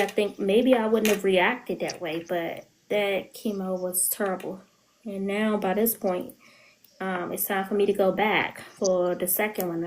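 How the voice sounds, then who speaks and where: A woman's voice: medium pitch, a little mellow, poor audio. A woman speaking candidly on a podcast, telling an emotional personal story and often quoting her own words. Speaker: guest. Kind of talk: podcast interview.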